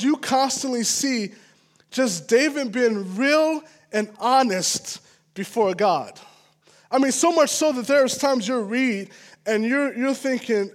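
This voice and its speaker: Very high-voiced man preaching casually. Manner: casual and earnest, with frequent "all right?" asides. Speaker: pastor. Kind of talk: conversational sermon.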